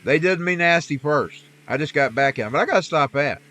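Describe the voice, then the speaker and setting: He sounds animated and forceful, with a fairly high, bright voice at a fairly quick clip. Chatting as he games, this streamer rambles in a folksy, preachy manner about faith and scripture.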